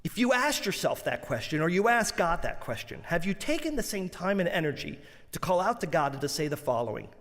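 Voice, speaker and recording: A man's voice: a little high, very animated, brisk, fairly bright tone. A man, a rabbi, delivering a sermon in an earnest, rhythmic preaching style with emphatic wordplay. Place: large synagogue sanctuary. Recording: long reverb of a large sanctuary.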